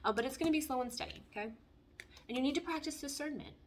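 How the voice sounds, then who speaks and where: A woman's voice: high voice, fast, a little hiss or hum. Frank, chatty woman giving a tarot reading. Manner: frank, blunt and heartfelt, chatty. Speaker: tarot reader. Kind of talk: casual spoken tarot reading.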